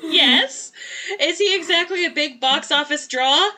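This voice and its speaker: Woman co-host, high and bright, eager and chatty with lots of restarts. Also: measured pace. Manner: enthusiastic, rambling with restarts. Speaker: podcast co-host. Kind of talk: casual movie review chat.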